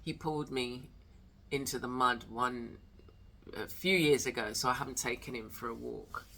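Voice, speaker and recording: A woman's voice: rumbling low, moderate pace, sharp tone, breathy edge. Chatty woman rambling on a walk. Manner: rambling, chatty, with many fillers and trailing thoughts. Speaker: host of an arts and wellness channel. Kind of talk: casual vlog chat. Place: home studio, then out into the garden.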